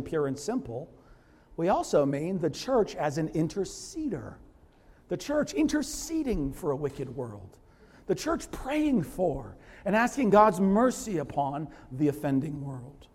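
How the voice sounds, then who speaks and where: A man's voice: darkish tone, long reverb tail. A man preaching a sermon, acting out scripture characters in quoted speech. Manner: dramatizes biblical figures in quoted voices, pitch rising sharply. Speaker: pastor.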